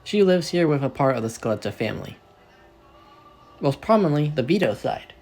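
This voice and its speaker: A man casually narrates a fan story in an animated, rambling way, correcting himself as he goes. His voice is medium-pitched and brisk.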